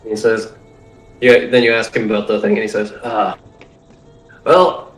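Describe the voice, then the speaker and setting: A man's voice: lowish voice, level tone, recorded from a distance. A man narrates a tabletop game as game master. He talks casually and hesitates often. He sits away from the mic in a roomy space, with faint music behind him. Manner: casual, halting, voices characters.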